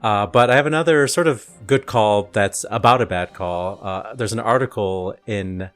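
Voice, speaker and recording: Lower-voiced man chatting on a podcast. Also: moderate pace, faint music behind. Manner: hesitant, lots of fillers. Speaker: podcast co-host. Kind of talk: casual podcast chat.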